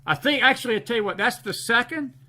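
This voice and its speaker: A Southern American man hosts a late-night live stream with a high, forceful voice. He talks emphatically and keeps repeating short phrases for stress. His tone stays bright and tense as he answers his viewers' comments. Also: expressive, quick pace. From Southern United States. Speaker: host.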